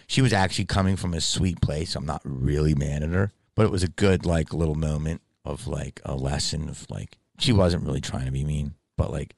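Deep gravelly-voiced man, rambling and profane. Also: steady tone, brisk, few pauses, dry recording. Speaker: stand-up comedian and convention guest. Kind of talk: casual monologue to camera.

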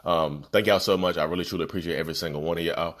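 A man's voice: sits low, fairly even intonation, rapid-fire. A man hosting a podcast who gives casual, earnest self-help advice, repeating his points and calling his listeners "y'all.". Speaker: podcast host. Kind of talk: casual motivational talk. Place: home, about to join a video call.

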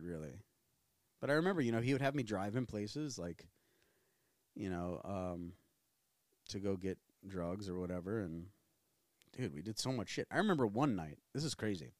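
A man's voice: lowish voice, no room sound, clean studio sound. A man in his thirties from New Orleans, hosting a podcast and telling personal stories in a candid, profane, rambling way. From New Orleans, USA. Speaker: podcast host. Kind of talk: casual personal storytelling.

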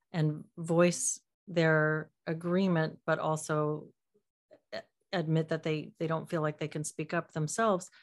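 Woman co-host, low-ish voice, animated storyteller on a casual stream. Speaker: podcast co-host. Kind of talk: casual live-stream discussion.

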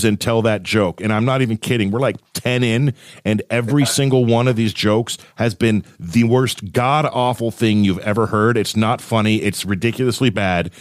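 A man's voice: mid-range voice, dry recording, studio quality. A man hosting a podcast, chatting casually and teasing his co-host about bad jokes. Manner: joking, teasing. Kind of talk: casual chat. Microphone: video call.

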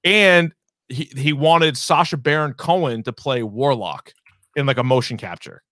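A man's voice: mid-range voice, a little slow, sharp tone, no room sound, studio quality. A man co-hosting a movie podcast, talking casually and rambling, full of fillers, swearing and acted-out asides. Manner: rambling, profane, many fillers and quoted asides. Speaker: podcast co-host. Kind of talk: casual movie review chat.

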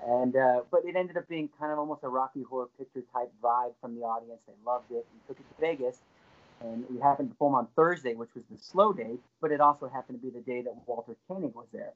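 A man's voice: medium pitch, fast. A man, an actor and co-author, telling enthusiastic stories as an interview guest. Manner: lively, enthusiastic storyteller. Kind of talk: storytelling interview. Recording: dull lo-fi recording.

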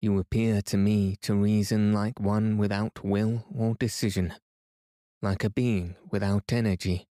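Stern old professor uncle, man reading, firm and lecturing, low and dark. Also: level tone, a little slow, no echo, clean studio sound, natural voice. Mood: resolute.

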